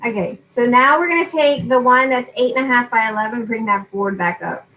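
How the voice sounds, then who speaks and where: A woman's voice: a little high, a little fast, very noisy. A woman in her forties hosting a casual craft tutorial livestream, chatty and often laughing as she drifts off topic. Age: 40s. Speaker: craft channel host.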